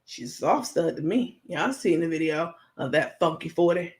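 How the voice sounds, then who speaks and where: A woman's voice: sits low, animated, normal speed, a little mellow. A woman hosting a casual livestream from home, reading viewer comments aloud and answering them in a frank, chatty way, talking straight to her viewers. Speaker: livestream host.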